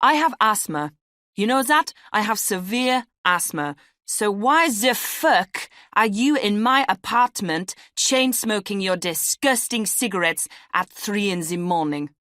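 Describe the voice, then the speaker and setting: Woman doing a raging French flatmate. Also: medium pitch, measured pace, no echo, clean studio sound, pitched above the performer's own voice. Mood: seething. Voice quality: shouting, spitting with rage. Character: furious asthmatic French man, flatmate.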